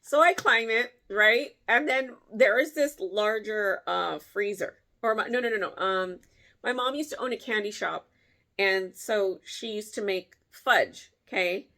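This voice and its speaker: A woman vlogger telling a story in a casual way, animated, laughing often and jumping her voice up to act out what people said. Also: unhurried. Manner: animated, acts out quotes with big pitch jumps.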